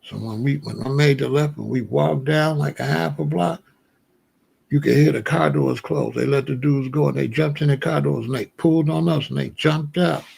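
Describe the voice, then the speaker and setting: Middle-aged male host, gravelly and husky, fairly high-pitched, animated storyteller who acts out dialogue. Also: normal speed. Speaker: commentary show host. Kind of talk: casual storytelling commentary.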